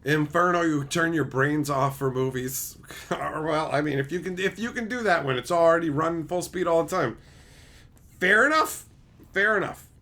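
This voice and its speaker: A man's voice: a little high, normal speed. A man hosting a casual livestream, chatting with viewers and ranting and swearing freely about plot holes in shows. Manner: animated, swears often, mocks logic gaps. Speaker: livestream host reading chat.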